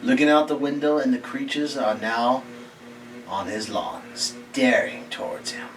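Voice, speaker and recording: A man reading a scary short story aloud in a slow, halting way, often dropping to a hushed near-whisper. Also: mid-range voice, faint music behind. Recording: distant mic with faint background hiss.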